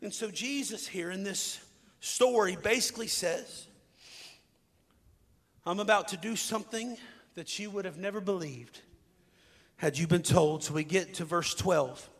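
High-voiced preaching pastor, man. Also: measured pace, pauses often, big-room sound. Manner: preaching with rising intensity, dramatic scripture reading. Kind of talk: sermon.

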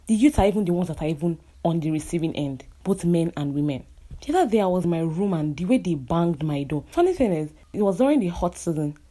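Young woman, Nigerian accent, fiery indignant vlog rant, low warm voice. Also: expressive, fast. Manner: impassioned and indignant, repeating phrases for emphasis. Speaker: architect.

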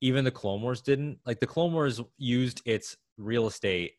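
A man co-hosting a podcast in casual chat, speaking with enthusiasm in quick bursts. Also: mid-range voice, darkish tone, no echo, studio quality. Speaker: podcast co-host.

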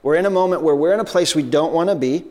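Here a male pastor preaches with a mellow voice on the high side. His delivery is conversational, full of restarts, with rapid impressions of biblical characters.

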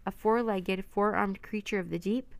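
A jovial old professor lectures on and on in a pompous way, his voice gravelly, as a woman reading a storybook puts him on. He sounds close and dry. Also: mid-range voice, fairly even intonation, moderate pace, no room sound, close to an everyday voice.

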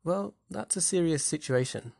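A man with a slightly husky voice talks through a poem like a teacher, wry and conversational, often turning questions back to the listener. His voice is recorded close and dry, with no room around it. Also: a little high, expressive, normal speed, a little mellow, no room sound. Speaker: literature teacher. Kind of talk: explanatory lesson narration.

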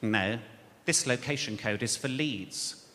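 A man voicing a petty, stubborn parking warden, speaking slowly and pedantically. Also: medium pitch, sharp tone, in a large hall, slight background noise, voice pushed down. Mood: pedantic.

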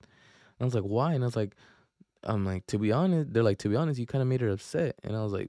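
A man's voice: mid-range voice, animated, fast, warm tone, no echo, studio quality. A young man, hosting a podcast and telling a profane, slangy story with lots of restarts. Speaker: podcast host. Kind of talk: casual storytelling.

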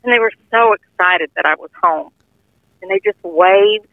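A woman's voice: medium pitch, normal speed, no room sound. An older woman earnestly telling a heartfelt personal testimony in plain, informal speech. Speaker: guest sharing a testimony. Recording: tinny phone-line audio, dry.

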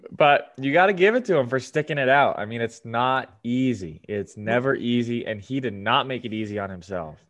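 A man co-hosting a casual sports podcast, easygoing and given to drawn-out retelling. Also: medium pitch, lively intonation, fairly bright tone. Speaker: podcast co-host. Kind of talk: casual chat.

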